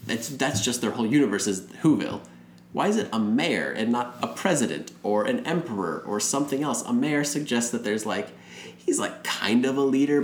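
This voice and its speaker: A man casually recapping a movie in a rambling way, acting out the characters' lines as he goes. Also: medium pitch. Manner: rambling, retells scenes with acted quotes. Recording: roomy room with faint noise.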